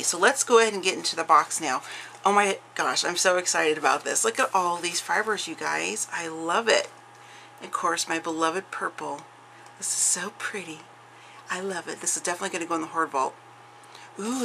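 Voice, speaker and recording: Gushing woman with gravelly, bright voice. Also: on the low side, slight background noise, rough recording. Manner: chatty, gushing, with frequent restarts. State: slightly slurred from facial numbness. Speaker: craft vlogger. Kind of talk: casual unboxing chat. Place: craft room at home.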